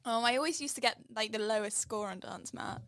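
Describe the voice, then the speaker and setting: A woman's voice: a little high, fairly quick, no room sound. Chatty woman podcast co-host. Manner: chatty, offhand, trails off quietly. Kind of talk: casual chat.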